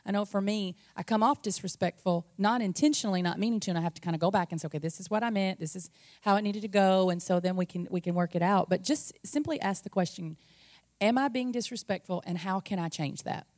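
A woman's voice: mid-range voice, fast, darkish tone. A woman sharing practical marriage advice beside her husband in an earnest, chatty way. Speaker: pastor's wife, co-speaker. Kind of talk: conversational sermon.

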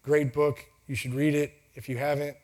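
Man, 30s, speaker at a live talk, a bit higher voice, jokey storyteller who acts out voices. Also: little pitch movement, normal speed, darkish tone. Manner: joking, storytelling, acts out quotes. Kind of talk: casual motivational talk. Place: venue with a timer for speakers.

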